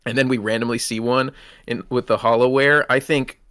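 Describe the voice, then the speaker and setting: A man's voice: medium pitch, steady tone, a little fast, pushed and bright, clear, resonant tone, no echo, studio quality. A man co-hosting a podcast, speculating eagerly in casual chat. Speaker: podcast co-host.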